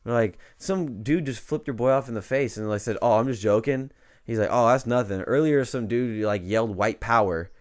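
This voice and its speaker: Laid-back young man, smooth voice. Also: mid-range voice, moderate pace. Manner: laid-back, slangy, animated when telling a story. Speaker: podcast co-host. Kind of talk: casual chat, storytelling. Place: home podcast studio.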